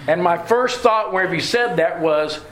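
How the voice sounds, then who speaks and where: A man's voice: sits high, moderate pace, fairly bright tone. A man preaching a sermon, telling homespun stories and chuckling as he goes. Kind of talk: sermon with folksy storytelling. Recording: roomy hall with faint ambience.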